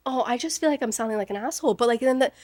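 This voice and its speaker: A woman's voice: on the high side, rapid-fire, darkish tone, no echo, studio quality. A woman co-hosting a casual podcast, talking bluntly and animatedly and swearing freely. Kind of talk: casual chat.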